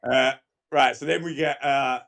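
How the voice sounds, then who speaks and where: A man chatting casually on a podcast at an average pitch. He recaps things in a relaxed, easygoing way, with plenty of fillers. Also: measured pace, gravelly. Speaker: podcast guest. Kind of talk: casual chat.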